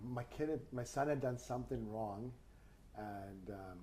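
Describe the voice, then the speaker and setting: A man's voice: medium pitch, measured pace, mellow. A man in his thirties hosting a podcast, telling a laid-back story with laughs and swearing. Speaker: podcast host. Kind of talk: casual chat.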